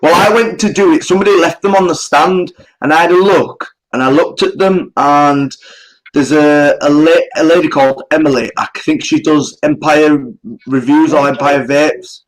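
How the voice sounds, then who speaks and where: A man's voice: a little high, fairly even intonation, normal speed, poor audio. A man with a northern English accent, chatting and telling stories in casual, sweary banter. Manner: laughing, storytelling banter. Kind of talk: casual chat.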